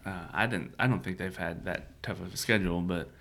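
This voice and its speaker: A man's voice: deep voice, brisk, fairly bright tone. A man co-hosting a church podcast, chatting casually and laughing often. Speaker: podcast co-host. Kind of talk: casual chat.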